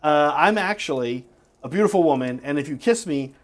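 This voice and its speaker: A man's voice: on the high side, animated, a little fast, close to an everyday voice. A man voicing a pushy female frog under a spell, who wheedles and then blows up in exasperation while telling a joke. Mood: wheedling.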